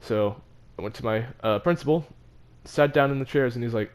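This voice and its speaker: A man's voice: mid-range voice, moderate pace, smooth. A teenage boy casually telling a story from his own life, laughing between phrases and stumbling over his words. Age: teens. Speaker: vlogger.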